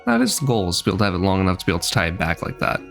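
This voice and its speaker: A man streaming a game gives blunt, joking commentary in a relaxed voice. His pitch sits low, and soft music plays quietly behind him. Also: very fast. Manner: chatty, blunt, self-deprecating. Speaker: VTuber streamer. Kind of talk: casual gameplay commentary.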